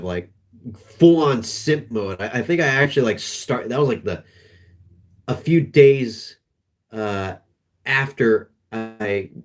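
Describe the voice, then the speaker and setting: Rambling low-voiced male streamer. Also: darkish tone. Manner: rambling, halting, with many restarts. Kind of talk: casual livestream chat.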